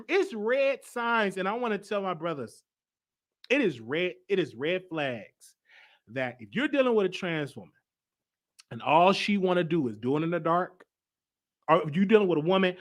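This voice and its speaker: A man hosting his own live show in a loose, casual way. His voice sits high for a man and swings widely in pitch as he presses his points. He often repeats himself and reads comments aloud. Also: a bit bright. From United States. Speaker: host.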